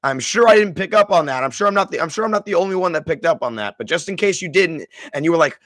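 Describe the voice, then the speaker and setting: Effusive man, slightly high voice. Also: expressive, fast talker, hardly any pauses, fairly bright tone, no room sound. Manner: effusive, emotional, many restarts. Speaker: streamer and host. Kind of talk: live movie discussion with chat.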